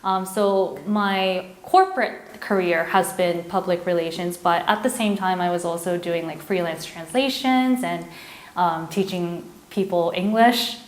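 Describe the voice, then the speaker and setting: A woman in her thirties from Japan with an American accent, a guest telling her life story in a relaxed, reflective way in a casual interview. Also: fairly low pitch, measured pace. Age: 30s. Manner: reflective, storytelling, loose with fillers. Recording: roomy echoey room.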